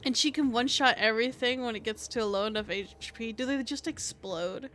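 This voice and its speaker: A woman's voice: fairly high pitch, fairly quick, fairly bright tone, faint music behind. A tired woman with a scratchy throat, rambling as she streams a game, full of fillers, swearing and joking at her own expense. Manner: rambling, filler-heavy, swears freely, self-mocking. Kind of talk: casual live-stream chat.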